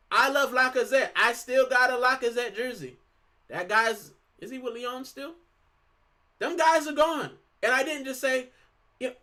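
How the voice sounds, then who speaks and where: A man's voice: extremely high pitch, sharp tone. A man from Puerto Rico hosting a football fan channel, talking casually and with animation, full of fillers and "bro". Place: lives in the UK.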